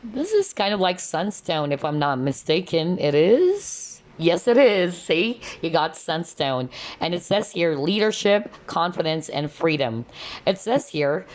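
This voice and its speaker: A woman's voice: on the low side, big pitch swings, measured pace. A woman giving a casual tarot card reading to viewers, losing her voice, chatty and full of "kind of, like" and "okay?".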